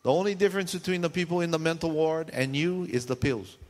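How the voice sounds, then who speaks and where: A man preaching a sermon to a congregation in a church, animated and full of rhetorical questions, sometimes acting out shouting voices. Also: fairly high pitch, quick pace. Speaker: pastor. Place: church sanctuary. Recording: long hall reverb in a church.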